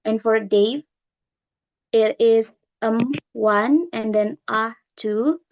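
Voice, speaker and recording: Slow-talking woman reading out filler counts. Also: fairly high pitch, highs cut off. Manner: slow, methodical, listing counts. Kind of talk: online meeting report. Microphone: computer mic on a video call.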